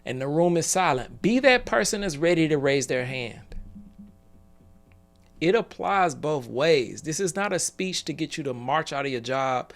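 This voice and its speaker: Guy in his 40s, gravelly voice, earnest motivational storyteller, chuckles as he goes. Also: fairly high pitch, lively intonation, a little slow. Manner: storytelling, earnest, laughs between points. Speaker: business speaker. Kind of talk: motivational talk on a live call.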